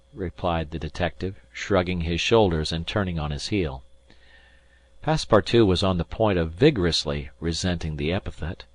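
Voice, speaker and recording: A man narrating a classic novel as an audiobook in a steady storytelling read. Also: deep voice, no echo. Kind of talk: scripted narration.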